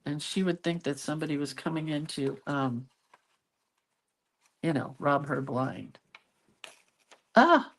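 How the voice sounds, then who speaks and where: Woman, middle-aged, casual craft vlog chat, self-deprecating, lowish voice. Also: steady tone, a little slow, long pauses. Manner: chatty, self-deprecating, talks to viewers while working. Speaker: craft vlogger.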